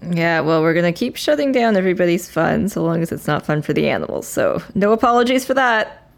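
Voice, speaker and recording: A woman's voice: on the low side, sing-song, fairly quick, vocal fry. A woman co-hosting a podcast in casual chat, dry and matter-of-fact. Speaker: podcast co-host.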